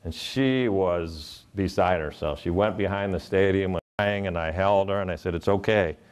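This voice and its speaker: A middle-aged man from Ohio with a deep, low voice delivers a keynote to a live audience. He tells personal stories earnestly and slips into the voices of the people in them. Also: normal speed, clear, resonant tone. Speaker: motivational speaker.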